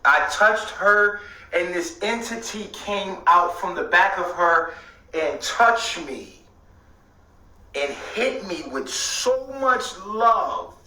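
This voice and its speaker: A man telling a rambling story in casual talk, swearing often and at times breaking into shouts. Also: sits high, expressive, slow pace, distant mic. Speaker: host. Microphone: streaming setup. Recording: echoey room, away from the mic.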